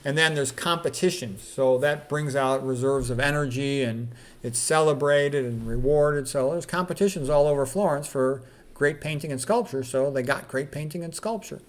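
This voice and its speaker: A man's voice: on the high side, moderate pace. Middle-aged man musing on quotes. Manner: reads quotes aloud, then comments candidly with fillers. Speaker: doctor sharing quotes. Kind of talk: casual monologue reading quotes.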